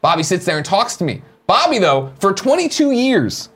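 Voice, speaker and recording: A man hosting a casual morning chat show, running through plugs and announcements in a lively, jokey way. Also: high-pitched, moderate pace.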